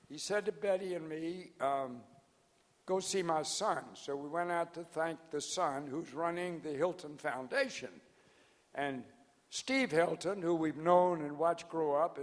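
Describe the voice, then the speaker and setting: In a big event hall with faint crowd noise, a hard-of-hearing founder aged ninety gives an anniversary address full of folksy jokes and wandering anecdotes, losing track as he goes. His voice is on the high side.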